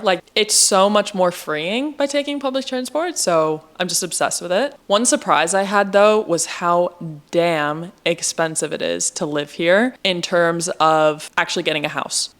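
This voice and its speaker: A woman's voice: low voice, vocal fry, a bit bright. Chatty young American woman vlogging. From United States. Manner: chatty, says "like" a lot, upbeat and candid. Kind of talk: casual vlog talk.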